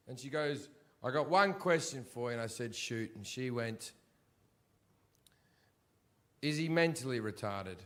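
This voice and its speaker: A man performing a stand-up routine, crude and swearing, mimicking the people in his stories and swinging from low mutters to shouts. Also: expressive, fairly quick. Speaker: stand-up comedian. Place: comedy stage before an audience.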